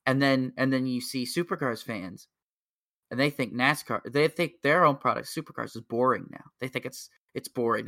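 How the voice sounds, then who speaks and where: A man talking on a casual podcast, rambling and excitable, with plenty of filler words. His voice is bright and forceful. The sound is close and dry, with no room around it. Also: medium pitch, normal speed, dry recording. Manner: excitable, laughs at own jokes. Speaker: podcast co-host. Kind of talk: casual chat.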